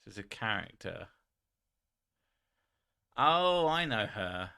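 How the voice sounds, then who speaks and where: Bright-voiced man chatting casually. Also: lowish voice, sing-song, takes it slowly, creaky, clean tone. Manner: rambling, swears freely, laughs at himself. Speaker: streamer host. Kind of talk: casual chat reading viewer messages.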